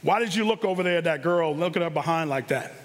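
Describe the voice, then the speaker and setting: A man's voice: on the high side, fast, pitched below the performer's own voice, close to an everyday voice. A man voicing a blunt, slangy, streetwise young friend in a casual, challenging manner. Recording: long hall reverb.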